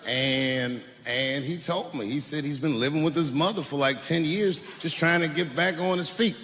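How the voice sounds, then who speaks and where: A man doing live stand-up on a large theater stage. His storytelling is profane and animated, and he shouts his punchlines. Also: on the high side, normal speed. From Washington, D.C. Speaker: stand-up comedian. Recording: echoey hall with live audience noise.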